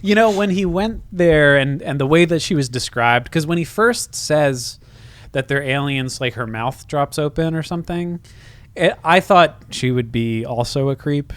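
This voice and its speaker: A man's voice: on the high side, normal speed, dry recording. A man co-hosting a casual podcast, blunt and sarcastic, swearing freely as he talks. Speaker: podcast co-host. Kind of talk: casual chat.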